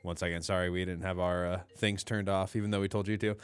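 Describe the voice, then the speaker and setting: Low-voiced male podcast host, dry sound. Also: little pitch movement, smooth, no room sound, faint music behind. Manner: conversational, quick reactions and follow-up questions. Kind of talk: casual interview chat.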